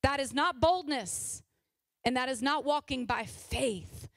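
A high-pitched woman in her forties preaches with fervent, exhorting energy, leaning in with loud urging and then dropping to a hushed, confessional tone. Her voice sits close and dry, with almost no room sound around it. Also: slow pace, no room sound. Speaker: pastor's wife preaching. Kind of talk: sermon.

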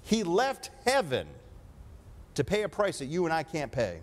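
Male preacher, slightly high voice, emphatic sermon delivery with call-and-response. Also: huge pitch swings, moderate pace. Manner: emphatic preaching, asks congregation for amen.

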